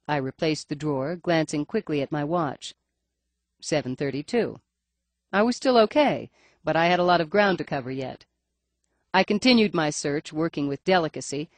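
A woman's voice: fairly low pitch, dry recording. A woman reading a first-person audiobook in a wry, dry storytelling manner. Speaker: audiobook narrator.

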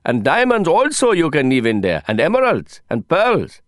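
A man's voice: a little high, huge pitch swings, moderate pace, no echo, clean studio sound, voice pushed up. A man voicing a proud, touchy young slum dweller, speaking in an insistent, indignant way. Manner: indignant, insistent, later a scratchy whisper. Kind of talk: audiobook character voice.

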